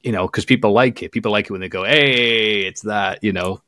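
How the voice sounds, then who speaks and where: Man, lower voice, lively anecdotes, dry close mic. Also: a little fast, no room sound. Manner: animated storytelling with voiced quotes and laughs. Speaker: podcast guest, video maker. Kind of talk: casual chat, storytelling.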